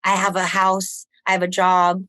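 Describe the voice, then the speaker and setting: Animated woman telling a story. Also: moderate pace, no echo. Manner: animated, laughs often, acts out quotes in a higher voice. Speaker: guest, musician and volunteer. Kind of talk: casual storytelling.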